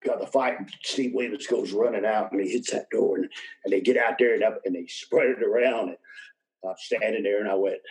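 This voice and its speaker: Low-voiced older man spinning rambling yarns. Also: fairly even intonation, a little fast, darkish tone, low-quality recording. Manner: rambling anecdotes, chuckles mid-sentence. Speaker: guest, retired wrestler. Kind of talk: casual storytelling interview.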